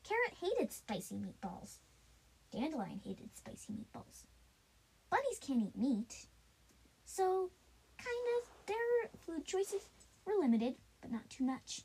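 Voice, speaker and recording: A woman improvising a told story, halting often with restarts and fillers. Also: high voice, very animated, a little mellow, rough recording.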